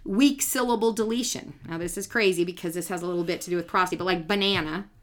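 A woman's voice: on the low side, fast, slight background noise. A woman in her forties, a speech therapist co-hosting a casual podcast, explaining in a teacherly way, checking for understanding and laughing easily. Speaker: podcast co-host; speech language pathologist.

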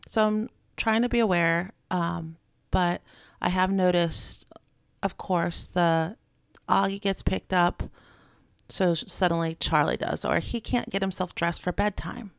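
A woman in her thirties chats on a podcast in an easy, conversational way. Her voice has some gravel in it, and the dry recording keeps it close. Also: fairly low pitch, fairly even intonation, unhurried, dry recording. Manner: chatty, quotes her kids in playful voices. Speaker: podcast co-host. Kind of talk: casual chat.

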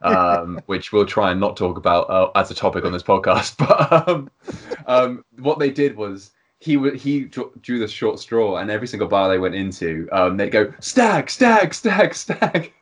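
A man hosting a podcast, asking questions in a relaxed chat and laughing often. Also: lowish voice, moderate pace. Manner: easygoing, laughs between remarks. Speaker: podcast host. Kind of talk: casual interview chat.

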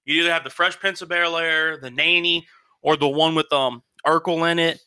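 A man's voice: fairly high pitch, fairly even intonation, normal speed, bright, forceful tone, clean tone. A young man in casual group chat, telling rambling, nostalgic stories.

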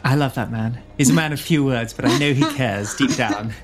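A man's voice: medium pitch, brisk, over music. A man playing a tabletop game, joking lightly and laughing. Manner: jokey and light, laughing often. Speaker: player. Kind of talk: tabletop role-play chat.

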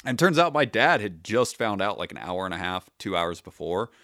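A man in his thirties tells his story as a podcast guest, casual and wry, swearing freely and slipping into his own past remarks. His voice sits a little low, and the sound is dry and close to the mic. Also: sing-song, moderate pace, fairly bright tone, dry recording. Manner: profane, wry, re-enacts his own quotes. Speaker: podcast guest, retired Army sergeant.

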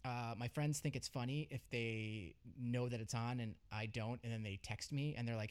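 A man's voice: mid-range voice, fairly even intonation, normal speed, hardly any pauses, smooth. A man hosting a podcast in casual chat, telling stories about himself in a chatty, self-deprecating way. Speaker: podcast host.

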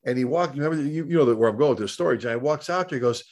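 A man co-hosting a podcast who tells stories with lively energy, often stumbling and restarting his sentences. His voice sits at an ordinary pitch for a man, and he sounds like a fire service instructor chatting. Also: racing. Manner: animated, many restarts and stumbles. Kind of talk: casual storytelling chat.

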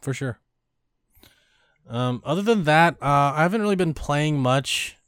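Animated, laughing young man. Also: fairly high pitch, a little slow, smooth, dry recording, studio quality. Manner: laughs often, teasing and animated. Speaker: podcast co-host. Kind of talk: casual chat about video games.

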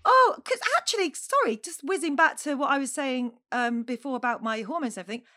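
A woman in her forties, co-hosting a podcast, telling stories in a chatty, animated way and acting out her own outbursts. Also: high voice, fast. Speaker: podcast co-host. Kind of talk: casual chat.

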